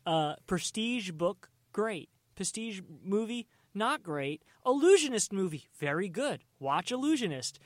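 A man's voice: high-pitched, big pitch swings, a little slow, hardly any pauses, no room sound, studio quality. A man co-hosting a podcast in casual chat, blunt and emphatic, often repeating himself. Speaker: podcast co-host.

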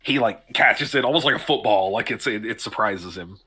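A man's voice: lowish voice, moderate pace, pushed and bright, husky. A man narrating a tabletop game as game master, loose and rambling, often laughing.

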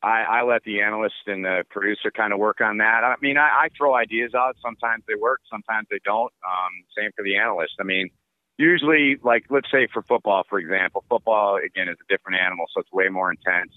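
Man, sports broadcaster, rambling casual talk, low pitch, dry tinny phone sound. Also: fast talker, no room sound. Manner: relaxed, rambling, many fillers. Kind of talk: casual interview answers.

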